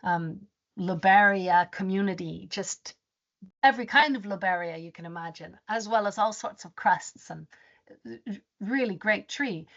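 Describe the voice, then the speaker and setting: A woman presenting a webinar as a rainforest advisor. She tells her story in an animated way and often restarts her sentences. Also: medium pitch, a little slow. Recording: dull lo-fi webinar audio.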